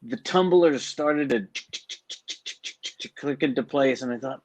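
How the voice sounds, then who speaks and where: A man's voice: mid-range voice, measured pace, pauses often, no echo, poor audio. A man co-hosting a late-night stream, chatting casually and rambling about guests and accents. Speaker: co-host.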